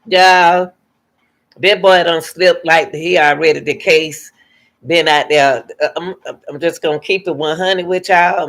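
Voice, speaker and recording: Gravelly woman host giving emphatic commentary. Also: low voice, a bit bright. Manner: emphatic, repeats points to viewers. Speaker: reaction channel host. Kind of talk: reaction commentary.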